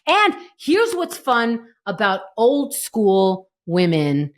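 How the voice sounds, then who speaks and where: A woman co-hosting a casual chat podcast, her voice sitting at an ordinary middle pitch. She retells scenes with lively energy and acts out the characters' lines as she goes. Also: slow. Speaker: podcast co-host. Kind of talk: casual chat recapping a TV episode.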